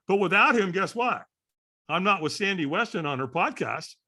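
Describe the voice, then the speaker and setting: Speaking as a podcast guest, this sixty-something man from California spins a lively story at a moderate pace. His bright, forward voice leaps widely in pitch as he voices other characters, and he keeps asking "right?"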